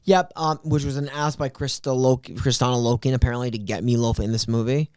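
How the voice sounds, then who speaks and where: A man's voice: medium pitch, steady tone, a little fast, a little mellow, dry recording, studio quality. A man co-hosting a podcast who talks bluntly about a film in casual chat and swears freely. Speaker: podcast co-host. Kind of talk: casual movie review chat.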